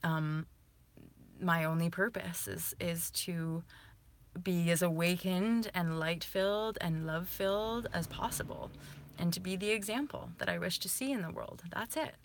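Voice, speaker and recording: A woman vlogging to her viewers about spirituality, talking emphatically and swearing freely, swinging between soft and fired-up. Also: lowish voice, a little slow, slight background noise. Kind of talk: casual monologue to viewers.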